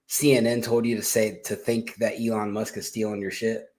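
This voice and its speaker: A man's voice: on the low side, level tone, normal speed, a little mellow, a little hiss or hum. A man hosting a casual political commentary show, talking in a blunt, sarcastic, rambling way and cursing freely. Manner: sarcastic, blunt and mocking, with swearing; rambling with restarts and asides. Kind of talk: casual opinion monologue.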